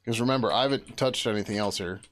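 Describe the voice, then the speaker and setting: A man's voice: fairly low pitch, fast, a bit bright, faint music behind. A man thinking aloud as he works through code on a live stream, muttering to himself, trailing off and swearing casually. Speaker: software developer streaming his work.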